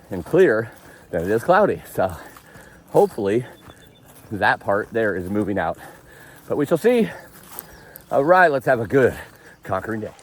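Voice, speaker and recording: A man vlogging casually on a forest trail, chatty and self-amused, quick to laugh. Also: medium pitch, a little hiss or hum. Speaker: thru-hiker vlogger. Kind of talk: casual vlog narration while hiking.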